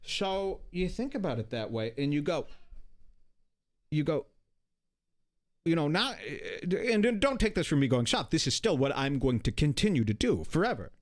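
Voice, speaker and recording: A man hosting a podcast, talking in an animated, exasperated, profane rant. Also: on the high side, normal speed. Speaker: podcast host. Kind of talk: casual ranting commentary.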